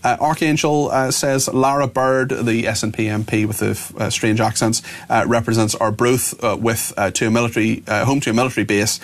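Man, radio host, fast, stray fillers. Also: mid-range voice, steady tone. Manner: fast, plain reading with frequent "uh" fillers. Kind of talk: reading listener messages on air.

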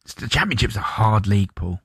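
A man co-hosting sports radio, chatty and animated as he argues football points. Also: on the low side, a little fast, husky, no room sound, clean studio sound. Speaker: radio co-host. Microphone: studio microphone.

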